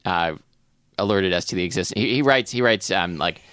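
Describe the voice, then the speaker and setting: A man co-hosting a book club podcast in casual chat, halting with fillers and dropping deadpan jokes. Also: sits low, smooth, no room sound, studio quality.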